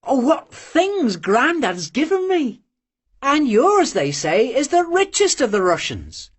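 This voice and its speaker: An audiobook reader voicing a lively, teasing young Cossack girl who gushes and presses her friend with eager questions. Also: high voice, takes it slowly, breathy edge, pitched above the performer's own voice, heavily acted. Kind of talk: audiobook character voice.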